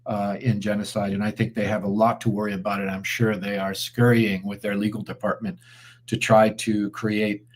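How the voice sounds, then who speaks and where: Measured low-voiced man with many fillers. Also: little pitch movement. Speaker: guest commentator. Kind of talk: live online interview.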